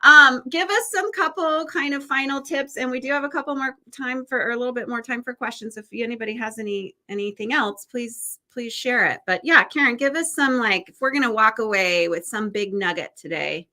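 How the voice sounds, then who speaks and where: Bright-voiced woman hosting a chat. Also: fairly high pitch, a little fast, few pauses. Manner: chatty and animated, laughs easily. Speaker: host. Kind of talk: casual webinar conversation.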